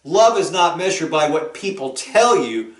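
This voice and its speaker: A man's voice: fairly high pitch, sing-song, a little slow. A man preaching a sermon, earnest, telling a story and asking rhetorical questions. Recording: roomy echo.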